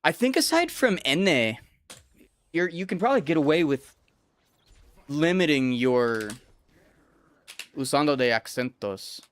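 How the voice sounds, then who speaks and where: A man's voice: a little high, very animated, unhurried, long pauses, fairly bright tone. A young man who speaks English natively, casually talking over a fighting game as a streamer, rambling and swearing freely. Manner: profane, rambling, chatty. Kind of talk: casual gameplay commentary.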